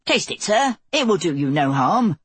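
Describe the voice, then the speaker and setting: A woman's voice: on the low side, very animated, moderate pace, breathy edge, dry recording. A woman voicing a playful male court magician who speaks in a theatrical, courteous way.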